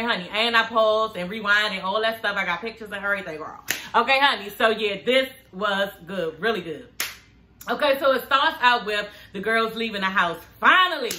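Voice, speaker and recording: Bright-voiced chatty woman vlogger. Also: a little high, reverberant. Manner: chatty, frank and profane, calls viewers honey and girl. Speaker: TV show reviewer. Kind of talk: casual vlog chat.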